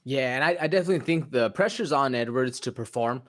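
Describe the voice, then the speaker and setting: A man's voice: mid-range voice, quick pace. A man with a mid-range voice, co-hosting a sports podcast. He talks loosely and casually, leaning on slang and fillers. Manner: relaxed, slangy, many fillers. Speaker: podcast co-host.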